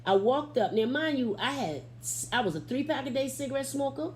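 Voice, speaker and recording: A middle-aged woman giving an animated, expressive testimony as an interview guest, acting out the quotes in her story. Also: high-pitched, fairly quick, a little hiss or hum. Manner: Southern Black church vernacular, expressive, acts out quotes.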